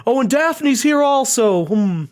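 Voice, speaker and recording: Brief: taunting, self-satisfied heel, loud and sneering, as a man puts him on. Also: very high-pitched, expressive, a little slow, pitched above the performer's own voice. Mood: mocking.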